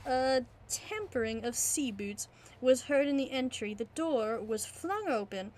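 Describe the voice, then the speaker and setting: High-pitched woman, amateur reader, slow and giggly, trips on long words, hobby audiobook. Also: lively intonation, a little mellow, slight background noise. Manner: giggly, stumbling over hard words. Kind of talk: casual audiobook reading.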